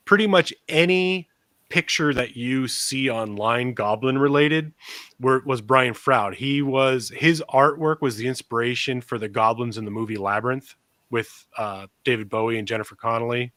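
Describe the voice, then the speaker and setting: A man co-hosts a casual podcast, telling a story that wanders. He laughs often and restarts his sentences. His voice sits at a middle pitch, recorded dry and close on the mic. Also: measured pace, fairly bright tone, dry recording. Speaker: podcast co-host.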